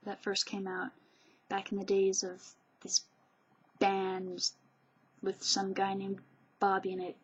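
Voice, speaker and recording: Woman vlogger, slow and husky, gushy rambling chat, dull lo-fi webcam sound. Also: medium pitch, monotone. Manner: gushing, chatty, digressive. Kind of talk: rambling casual monologue.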